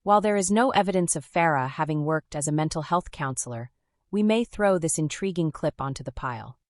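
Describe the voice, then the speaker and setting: Woman, low-pitched, scripted commentary narration, wry and measured, dead dry sound. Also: animated, a little mellow, no room sound.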